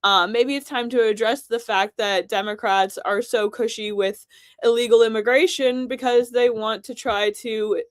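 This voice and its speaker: A woman's voice: on the high side, fairly even intonation, normal speed, no echo, studio quality. Blunt, sarcastic woman commentator. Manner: blunt, sarcastic, swears freely. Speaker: political commentary host. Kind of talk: casual political commentary.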